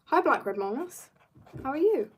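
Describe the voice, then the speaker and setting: A teenage girl from South Africa, a little husky from being ill, rambling playfully as she greets viewers and chats while drawing on a live stream. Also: sits high, sing-song, normal speed. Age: teens. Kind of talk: casual live-stream chat.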